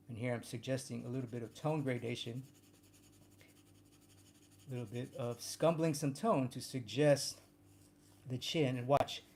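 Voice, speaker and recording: A man's voice: mid-range voice, creaky, darkish tone. A man teaching a drawing lesson, thinking aloud and repeating words as he draws. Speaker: drawing instructor. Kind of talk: live drawing demonstration.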